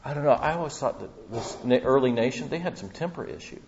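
A man preaching a sermon as pastor, telling the story with animated humor. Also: medium pitch, quick pace, gravelly, a little hiss or hum. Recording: dull lo-fi recording.

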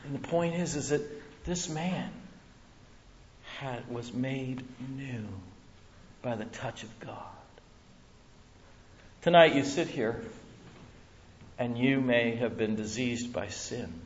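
A man preaching a sermon in a church room, dramatic, swinging from loud to hushed. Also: mid-range voice, takes it slowly, pauses often, lo-fi sound, a little hiss or hum.

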